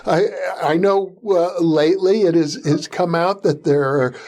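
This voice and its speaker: A male interview host with a fairly high voice talks slowly. He hesitates often, filling pauses with "uh" as he searches for his words. His questions wander before reaching the point. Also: darkish tone. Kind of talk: interview conversation.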